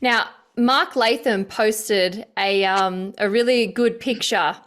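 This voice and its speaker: A woman's voice: mid-range voice, takes it slowly, a bit bright. A woman hosting an interview, chatty, with a lot of listening murmurs. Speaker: host.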